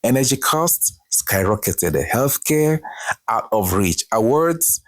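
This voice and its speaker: A man hosting scripted commentary with a dramatic, deliberate delivery. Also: mid-range voice, animated, no echo. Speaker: commentary host.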